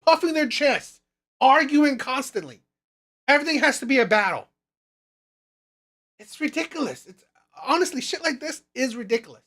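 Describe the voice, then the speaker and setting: A woman delivers opinion commentary on her own channel, blunt and emphatic, circling back over her points. Her voice sits on the higher side. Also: expressive, normal speed, pauses often, fairly bright tone. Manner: blunt, emphatic, repeats phrases.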